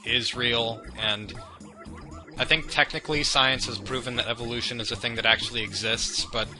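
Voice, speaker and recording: Over background game music, a young man delivers wandering, self-mocking let's play commentary that slides into casual side chatter. His voice is medium-pitched, with fairly even intonation and a moderate pace.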